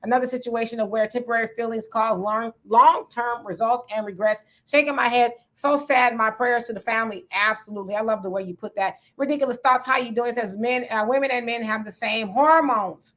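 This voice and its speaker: A woman's voice: fairly high pitch, fairly even intonation, brisk, few pauses, a bit bright. A woman hosting a casual livestream, reading viewer comments aloud, greeting people by name and laughing often. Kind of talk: casual live chat.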